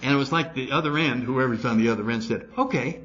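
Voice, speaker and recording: An older man speaking at a recovery meeting, telling a story and acting out both sides of his conversations in an animated way. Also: mid-range voice, fast, highs cut off.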